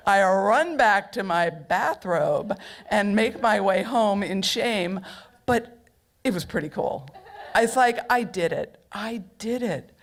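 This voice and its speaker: A middle-aged woman telling a personal story on stage at a local storytelling event, humorous and chatty, full of asides. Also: mid-range voice.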